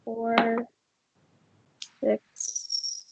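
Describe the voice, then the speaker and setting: A woman narrating a tabletop game as game master, unhurried and halting, with many fillers. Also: a little high, monotone, vocal fry, very noisy.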